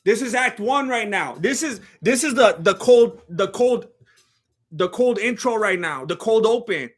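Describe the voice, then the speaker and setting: On his live stream, a young male host comments casually on a fight in a high-pitched, lively voice that runs a little slow. His talk is rambling and jokey, frequently breaking off mid-sentence to start over.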